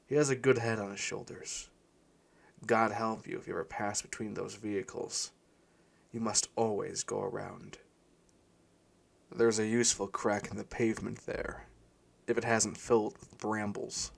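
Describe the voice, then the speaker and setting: A man's voice: lowish voice, vocal fry. A man reading a first-person story aloud in a weary, wry voice. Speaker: audiobook narrator.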